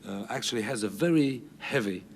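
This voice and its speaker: A man's voice: on the low side, expressive, brisk, a little hiss or hum. A man from France with a French accent, hosting a TV chat show in a playful manner and laughing often. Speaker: TV host.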